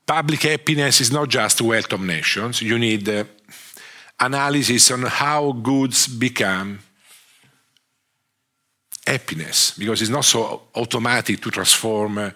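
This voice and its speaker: A man with an Italian accent giving a conference lecture, speaking haltingly with frequent restarts and fillers. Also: medium pitch, sharp tone. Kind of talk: conference talk.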